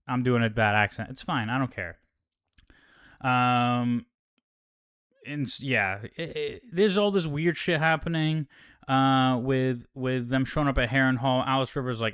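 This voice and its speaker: A man's voice: medium pitch, a little slow, fairly bright tone, clear, resonant tone. A man hosting a casual show recap, talking in a laid-back, profane way with lots of fillers.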